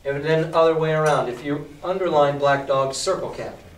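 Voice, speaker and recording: A male teacher reading a novel aloud to a class and explaining it in a lively, emphatic way. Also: on the high side, brisk. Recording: echoey classroom from far off.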